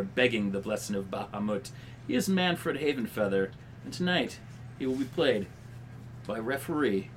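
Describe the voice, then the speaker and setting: Man, game master, theatrical narration, mid voice, noisy background. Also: mid-range voice.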